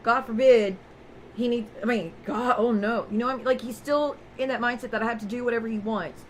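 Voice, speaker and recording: A woman with a slightly high-pitched voice talks straight to her viewers in a raw, unguarded way. She tells her story as a personal vlog, with faint noise behind her. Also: fairly even intonation, fast, rough recording. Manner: raw, candid, addresses viewers directly. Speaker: vlogger.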